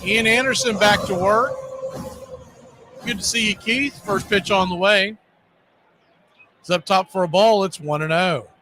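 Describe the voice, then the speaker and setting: A man calling live baseball play-by-play in a relaxed, conversational way, with chatty asides between pitches. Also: a little slow, long pauses, background noise. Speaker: play-by-play announcer.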